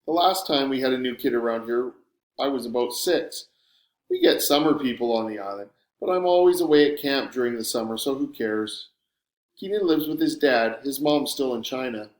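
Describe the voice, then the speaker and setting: A man's voice: mid-range voice, expressive, normal speed. A man reading a first-person audiobook narration in a sardonic, wry storytelling manner. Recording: roomy room echo.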